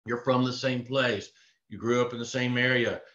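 A man's voice: medium pitch, steady tone, normal speed, pushed and bright. A man from Texas giving a live online sales training, earnest and repetitive in his coaching. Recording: echoey room, dull lo-fi sound.

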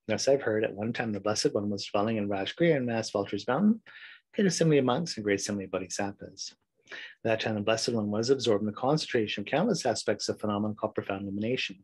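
A man teaching a recorded meditation class, chatting loosely with fillers before reciting a sutra in a steady voice. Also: lowish voice, slightly rough, no room sound, low-quality recording. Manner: relaxed, rambling intro with fillers, then steady recitation. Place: home, recording solo before travel.

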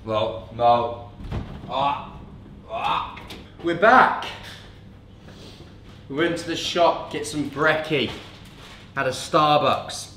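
A man's voice: on the high side, very slow, long pauses, bright, forceful tone, slight background noise. A young man, a fitness coach, chatting casually in a vlog, joking and swearing freely. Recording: echoey room.

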